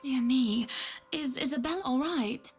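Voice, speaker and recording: A woman's voice: high voice, a little slow, slightly rough. An actress voicing a pompous, fussy wealthy woman in a game, calling people "dear". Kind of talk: voiced game dialogue.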